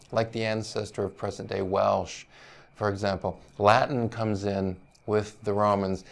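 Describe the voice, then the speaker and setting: Lecturing on the history of language, this male university teacher speaks with a lowish voice and vocal fry. His explanations are patient, he frequently asks "right?", and he hedges when pronouncing foreign words.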